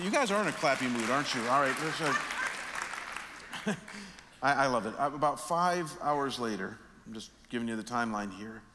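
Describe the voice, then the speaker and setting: A middle-aged man preaching a sermon, telling a personal story with lively, animated delivery and acting out his own anger. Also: mid-range voice, noisy background. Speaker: pastor. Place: large church auditorium. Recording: hall reverb.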